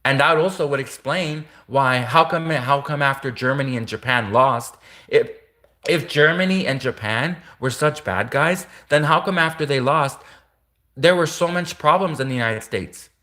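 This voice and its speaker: A man's voice: medium pitch, normal speed, bright, forceful tone. A man talking straight through a rambling casual monologue, often restarting and repeating his sentences.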